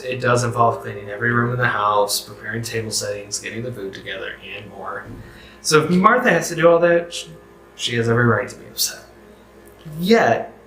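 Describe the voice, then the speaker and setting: A man leads a youth group bible lesson, talking casually, correcting himself, and asking viewers questions. His medium-pitched voice sounds pushed and bright, captured in an echoey room on a rough recording.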